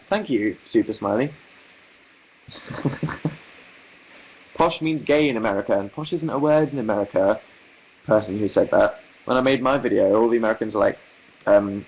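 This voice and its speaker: A man's voice: on the low side, normal speed, a little mellow, rough recording. A young English man hosting a casual livestream, reading viewer comments aloud with wry, amused asides in an articulate manner. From England. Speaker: livestream host.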